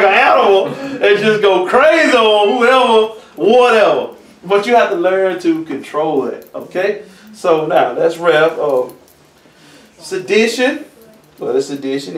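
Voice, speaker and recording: Man, church elder; animated conversational preacher, high pitch, recorded from a distance. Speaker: church elder teaching a lesson. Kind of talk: preaching a Bible lesson. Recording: roomy echo, from far off the mic.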